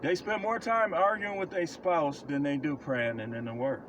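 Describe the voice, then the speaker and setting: A self-styled prophet speaks directly to camera in a casual sermon of life advice, bluntly and emphatically driving points home through repetition. His voice is slightly high for a man, steady in tone and moderately paced, with faint vehicle noise humming behind him.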